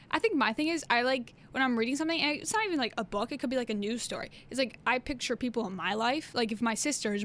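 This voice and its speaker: Easygoing young woman, slightly high voice. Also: a bit bright. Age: young adult. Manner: easygoing, many fillers and backchannels. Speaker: podcast co-host. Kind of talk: casual chat.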